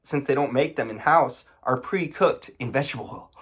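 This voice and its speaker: A man's voice: medium pitch, expressive, moderate pace, few pauses. A man giving casual commentary, sarcastic and indignant, often breaking into exasperated outbursts.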